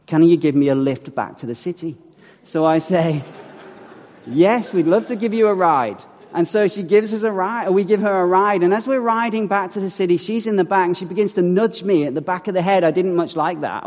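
A man with a somewhat high voice tells a personal faith story to an audience. He is animated and acts out quotes, with wry asides. His voice rings with the long reverb of a large hall. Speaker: speaker telling a testimony. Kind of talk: storytelling talk.

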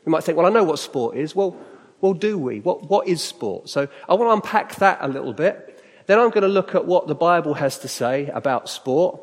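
A middle-aged British man delivers a chatty, sermon-style talk in a church hall, speaking conversationally and putting questions to his audience. His voice is a little high for a man, animated and at normal speed, and it rings out with a long reverb.

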